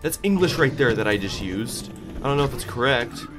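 A man's voice: medium pitch, animated, brisk, music in the background. A young man casually commentating his own gameplay, hyped and joking, trash-talking and laughing. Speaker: gaming YouTuber.

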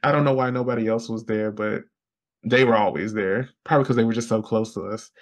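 A man as a podcast guest telling a personal story in casual interview talk, rambling with fillers and jumping high in pitch when he quotes others. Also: quick pace. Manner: animated, jumps high when quoting others.

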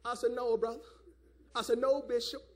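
High-voiced preacher man hollering. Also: level tone, normal speed, darkish tone. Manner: hollering, repeats "my God, man". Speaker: elder preaching. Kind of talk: fiery Pentecostal sermon. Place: church service.

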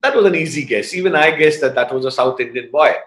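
A middle-aged man shares a devotional memory in a reflective, storytelling manner, his voice sitting a little higher than most men's. It has a roomy, echoing sound around it. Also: quick pace. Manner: storytelling, reflective, gently animated. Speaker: satsang speaker. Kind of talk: devotional talk, personal reminiscence. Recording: roomy echo.

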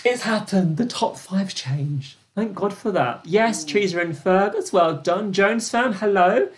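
A young British woman hosting a live-streamed trivia quiz, chatty and gossipy, with excited gasps and lots of fillers. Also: mid-range voice, measured pace, background noise. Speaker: quiz host.

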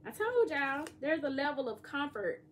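A woman, giving a casual, joking tarot reading and sometimes singing bits of songs softly. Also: high-pitched, sing-song, moderate pace, slight background noise. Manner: chatty, joking, sings lyric snippets softly. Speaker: tarot reader.

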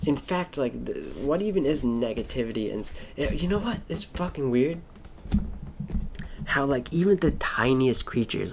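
A man's voice: mid-range voice, slight background noise. A man rambling through a casual monologue, swearing constantly, wandering between thoughts and trailing off mid-sentence. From Florida.

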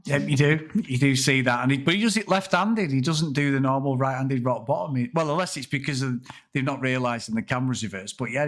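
A man in a loose podcast chat about movies, with a mid-range voice. He rambles from point to point, laughs often and drops the odd swear word. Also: mid-range voice. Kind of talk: casual film discussion.

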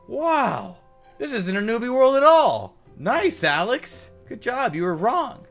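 A woman's voice: medium pitch, wildly swooping pitch, very slow, long pauses, soft background music. Exasperated, sarcastic woman gamer. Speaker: Minecraft gameplay commentator. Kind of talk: scripted gameplay commentary with a partner.

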